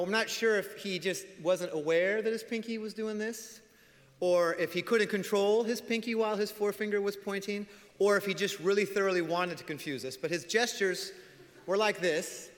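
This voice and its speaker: Male pastor, lively preaching style with soft emphatic drops, reverb of a large sanctuary. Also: high-pitched, normal speed. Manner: animated storytelling, acts out voices, drops to soft emphasis. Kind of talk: sermon. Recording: long hall reverb.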